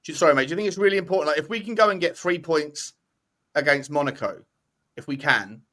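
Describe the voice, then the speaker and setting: A man's voice: on the high side, expressive, fast talker, a bit bright. A man on a fan podcast panel, rambling and correcting himself as he talks through fixtures. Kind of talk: casual football debate.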